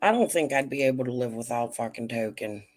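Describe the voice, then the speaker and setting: A woman with a very deep, darkish voice talks briskly while hosting a casual livestream. Blunt and foul-mouthed, she speaks right to her viewers.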